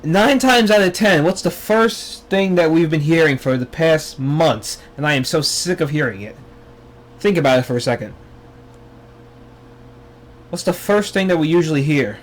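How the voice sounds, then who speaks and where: A man's voice: on the high side, normal speed. A young man hosting his own talk show, ranting with exasperation and sarcasm. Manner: exasperated, sarcastic, mocking impressions. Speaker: vlog host. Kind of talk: ranting commentary.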